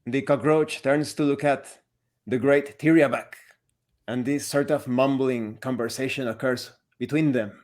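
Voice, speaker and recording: A man narrating a tabletop role-playing game as game master, describing scenes in a steady, descriptive way. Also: medium pitch, unhurried.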